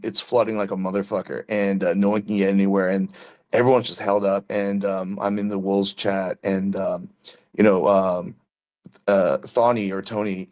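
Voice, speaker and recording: Low-ish voiced guy, cussing a lot, loose rambling podcast chat. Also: a little mellow. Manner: brash, profane storyteller. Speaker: podcast co-host. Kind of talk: casual chat.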